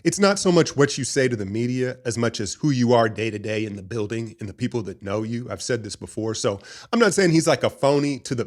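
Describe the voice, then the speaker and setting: A man hosting a casual basketball talk show, rambling and opinionated in an animated fan's way. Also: mid-range voice. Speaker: sports podcast host. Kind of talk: casual sports commentary.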